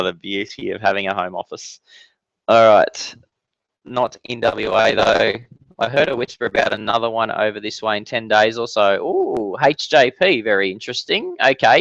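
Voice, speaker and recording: A man's voice: lowish voice, a bit bright, no echo, dull audio. A man hosting a casual live-stream Q&A from his home office, chatty and upbeat with many fillers and restarts. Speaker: weather channel host answering viewer questions.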